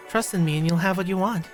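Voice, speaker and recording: A streamer reading the lines of a scheming, condescending girl student leader in a cold, dismissive way. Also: medium pitch.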